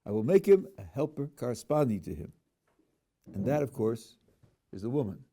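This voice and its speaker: Rabbi teaching with lively, mellow voice. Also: male voice, medium pitch, moderate pace. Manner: reads verses aloud, then questions them with dry humor. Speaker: rabbi teaching a Torah class. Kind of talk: classroom lecture on a text. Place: yeshiva classroom.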